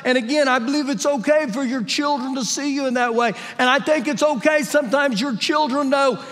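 A male pastor preaching a sermon during a live church service, telling animated, humorous stories and acting out the voices in them. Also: extremely high pitch. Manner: animated storytelling, acts out quotes with humor. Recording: live church audio with long hall reverb.

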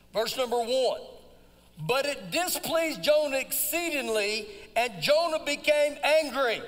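A man preaching a live sermon in church, folksy and conversational, swinging from low asides to loud shouted emphasis. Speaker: pastor. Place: church sanctuary during a service. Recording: long hall reverb.

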